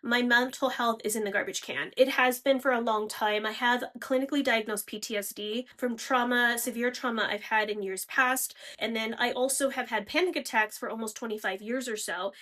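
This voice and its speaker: A woman's voice: on the high side, steady tone, moderate pace, few pauses, bright, forceful tone. A woman in her forties talking frankly and chattily straight to her viewers in a personal vlog. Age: 40s. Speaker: vlogger. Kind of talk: candid personal vlog talk.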